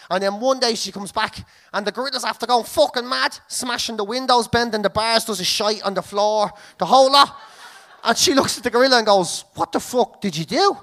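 A woman's voice: fairly high pitch, a bit bright. An Irish woman co-hosting a podcast, telling a comic story full of swearing and laughing through her lines. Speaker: podcast co-host.

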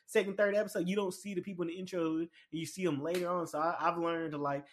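A man chatting casually and excitedly about a show, rambling with lots of fillers and restarts. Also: high voice, fast talker, few pauses. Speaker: anime commentator. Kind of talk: casual chat.

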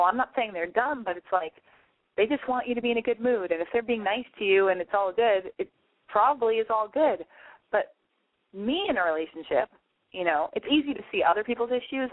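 A podcast host with a medium-pitched voice delivers a casual, confessional monologue in an animated, brisk way. She rambles frankly, swears, and poses questions to listeners, all through a dry, tinny phone-line sound.

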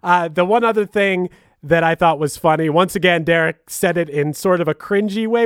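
A man's voice: high-pitched, animated, normal speed, smooth, no echo, clean studio sound. A man co-hosting a podcast, chatting eagerly about music and laughing often. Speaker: podcast co-host. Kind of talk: casual podcast chat.

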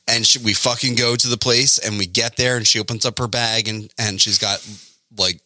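A man's voice: lowish voice, normal speed, pushed and bright, dry recording. A man in casual podcast chat, rambling through stories, swearing and laughing often.

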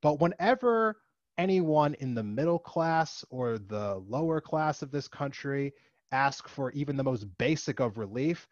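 A man's voice: medium pitch, expressive, unhurried, dry recording, dull audio. A man delivering an impassioned opinion monologue, peppering it with "you know" and "like" and rising to emphatic outbursts. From United States. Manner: frequent fillers like "you know" and "like". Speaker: political commentator.

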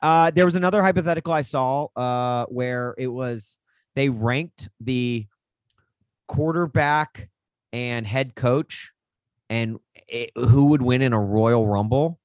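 A young man co-hosting a sports podcast, talking in a loose, rambling, self-deprecating way. His voice sits at an ordinary pitch. The sound is dry and close, with no room around it. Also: slow, no echo. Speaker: podcast co-host. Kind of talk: casual sports chat.

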